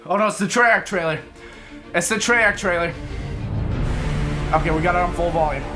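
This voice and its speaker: A young man streaming games live, chatting casually and excitedly to his viewers and joking as he goes. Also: high-pitched, moderate pace. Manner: excitable, joking, keeps calling viewers boys and lads. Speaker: gaming streamer. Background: game and trailer music.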